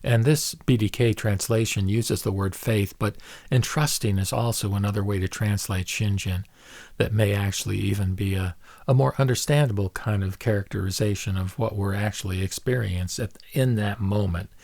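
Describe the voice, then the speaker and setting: A man giving a reflective spoken commentary on a Buddhist scripture, speaking in a measured way and slowing down to stress key words. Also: fairly low pitch, fairly even intonation, gravelly, darkish tone, no room sound.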